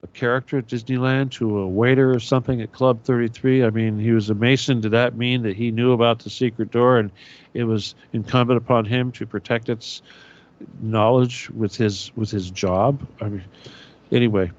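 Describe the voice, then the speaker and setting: A man's voice: medium pitch, fairly even intonation, normal speed, lo-fi sound. A man hosting his own radio show, delivering a profane, sarcastic conspiratorial monologue. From United States.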